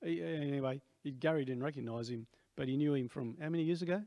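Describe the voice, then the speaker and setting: A man's voice: mid-range voice, fast, warm tone, dry recording. A man in his sixties with an Australian accent, preaching a sermon in a rambling, conversational way with many asides. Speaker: pastor.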